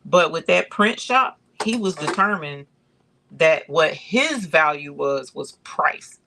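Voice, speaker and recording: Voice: medium pitch, lively intonation, slow, creaky, sharp tone, slight background noise. An embroidery channel host chatting casually on a livestream, calling viewers y'all and reading out chat comments.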